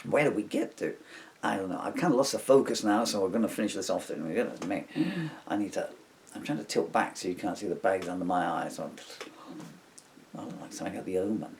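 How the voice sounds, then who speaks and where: Gravelly man reading a comic story. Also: sits low, fast talker, slight background noise. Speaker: author reading his book.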